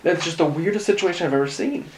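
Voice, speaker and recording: A man's voice: high voice, fast talker, slight background noise. Rambling man telling a story in a roomy space. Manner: rambling storyteller, many fillers and restarts. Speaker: podcast host. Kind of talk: casual chat among friends. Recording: roomy echo.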